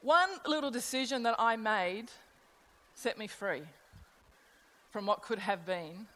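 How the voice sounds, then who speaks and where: A woman's voice: on the high side, takes it slowly, a bit bright. A middle-aged woman preaching a sermon in a conversational way, asking her listeners rhetorical questions. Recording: long hall reverb.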